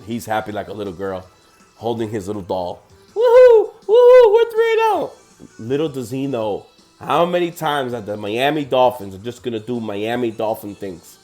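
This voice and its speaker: A man's voice: fairly low pitch, normal speed, faint music behind. A man hosting a sports podcast, ranting heatedly and profanely about football results.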